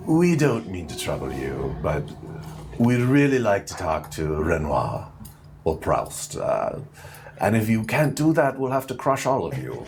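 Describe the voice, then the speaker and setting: A man's voice: low voice, wildly swooping pitch, a little slow, darkish tone, soft background music, voice pushed down, exaggerated voice. A man voicing giant insect-like creatures that speak mildly and politely, then threaten to crush. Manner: mild, courteous, then threatening.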